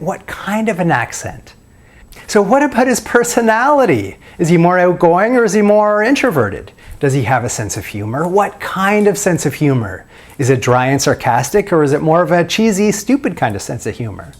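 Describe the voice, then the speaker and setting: A man giving self-help dating advice in a video, walking the listener through a long run of guiding questions. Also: high-pitched. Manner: asks the listener question after question in a coaching tone. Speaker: dating coach.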